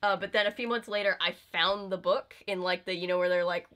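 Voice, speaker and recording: A young woman talks to a friend in a relaxed, casual chat. Her voice is bright and clear, and she tells her stories with lively energy. She sits at a middle pitch and keeps it conversational. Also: fast talker, few pauses. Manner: chatty, animated storytelling. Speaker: host.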